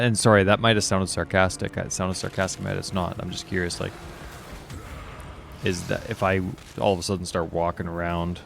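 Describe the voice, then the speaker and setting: Low gravelly man streaming a game. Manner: chatty, curious, thinks out loud with giggling outbursts. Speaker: gaming streamer. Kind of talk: casual gameplay commentary.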